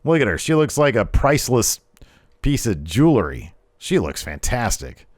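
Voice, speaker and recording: A man's voice: mid-range voice, sing-song, moderate pace, no echo, clean studio sound. A young adult man giving chatty, sarcastic commentary over wrestling footage, rambling a little. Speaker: wrestling video host.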